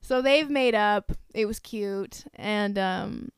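A woman's voice: medium pitch, slow pace, clean tone, no room sound. A young adult woman co-hosting a podcast, recapping a movie in casual chat and acting out the characters' lines. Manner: chatty, acts out lines, filler "like". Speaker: podcast co-host.

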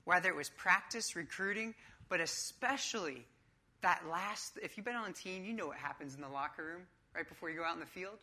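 A woman's voice: on the low side, lively intonation, fairly quick, bright, forceful tone. A woman preaching a sermon in a church, emphatic and coach-like with casual asides.

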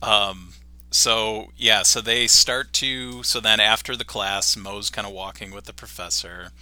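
A man's voice: lowish voice, fairly even intonation, a little slow, pushed and bright, clean tone, dry recording. A man co-hosting a podcast, casually retelling a cartoon episode and laughing along. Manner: laughing, retelling scenes with quoted lines. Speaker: podcast co-host.

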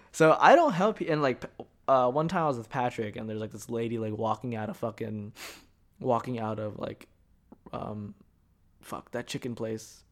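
A man's voice: mid-range voice, normal speed. A young man hosting a solo podcast, telling stories in a rambling, profane, joking way. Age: young adult. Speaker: podcast host. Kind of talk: casual solo podcast monologue.

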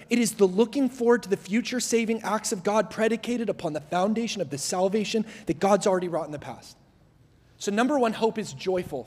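Young male guest preacher, high voice, jokey storyteller, hall echo. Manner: joking, self-deprecating, lively storytelling. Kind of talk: sermon. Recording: long hall reverb.

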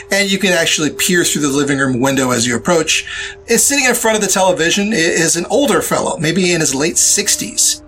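A man narrating a tabletop horror game as game master, describing scenes in a relaxed, casual way. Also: a little high.

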